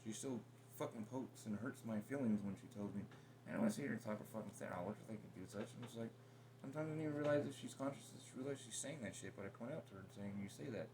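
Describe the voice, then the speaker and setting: A man's voice: fairly low pitch, fast talker, noisy background. A man talking bluntly and profanely in a rambling, confrontational conversation with his partner. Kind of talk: casual heated conversation.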